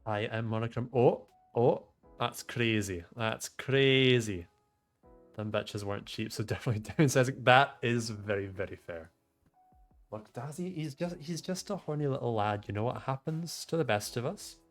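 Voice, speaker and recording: A man's voice: medium pitch, expressive, moderate pace, soft background music. A young man live-streaming from home, chatting loosely with his viewers and rambling through explanations of computer hardware, swearing freely. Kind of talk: casual live-stream chat, reading chat aloud. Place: home room.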